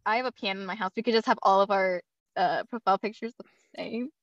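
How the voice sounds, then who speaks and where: A woman's voice: medium pitch, fast talker, dry recording, highs cut off. A woman co-hosting a podcast, chatty and giggly in casual conversation. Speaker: podcast co-host. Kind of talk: casual chat.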